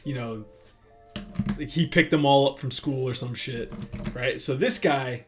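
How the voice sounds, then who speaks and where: A man's voice: mid-range voice, measured pace. A man telling a rambling, profane anecdote in casual chat while he draws, full of fillers and retold dialogue. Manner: profane, rambling, animated retelling with many fillers. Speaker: artist hosting a drawing stream. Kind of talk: casual storytelling while drawing. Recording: roomy echo with faint guitar music.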